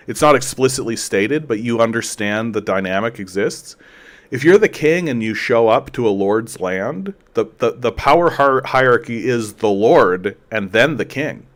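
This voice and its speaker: A man with a Canadian accent hosting a casual political commentary show, rambling conversationally with many fillers, swearing, and quick acted-out quotes. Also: medium pitch. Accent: Canadian English.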